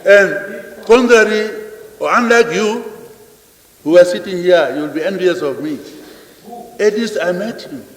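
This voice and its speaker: A man's voice: high voice, expressive, moderate pace, pauses often. An older man answering parliament off the cuff, repeating phrases and putting questions to the room. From Namibia. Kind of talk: unscripted parliamentary address. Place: large parliament chamber. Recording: echoey chamber with long reverb.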